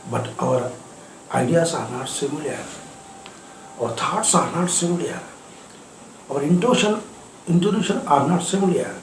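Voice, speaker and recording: An English teacher gives a spoken lesson in a fairly high-pitched voice with a darkish tone. He's earnest and repeats his points for emphasis, recorded in an echoey room with faint music.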